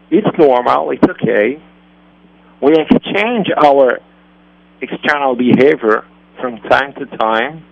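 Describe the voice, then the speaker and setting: This rabbi and radio host, a native speaker, earnestly discusses parenting on air, restating his ideas in different ways. His voice is a little high with vocal fry. The recording, made on a radio studio mic, is dull and lo-fi.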